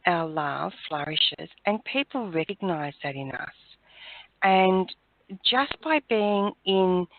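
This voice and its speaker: A woman speaking as a guest in a spiritual chat, reflective and encouraging in tone. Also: on the low side. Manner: warm-hearted, reflective, encouraging. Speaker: guest on a spiritual talk show. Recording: dry phone-like line.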